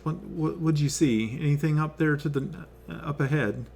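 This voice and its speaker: A man voicing a polite, curious male army captain in his own plain voice, slightly gravelly. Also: fairly high pitch, normal speed, darkish tone, a little hiss or hum, voice pushed up. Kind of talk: tabletop game role-play.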